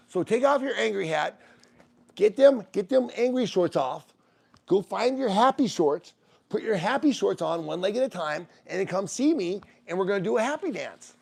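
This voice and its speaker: A man hosts a casual livestream from home, talking back to viewer comments in a rambling, animated way. His voice sits a little high and has a gravelly edge. He swears freely and laughs often as he goes. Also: normal speed.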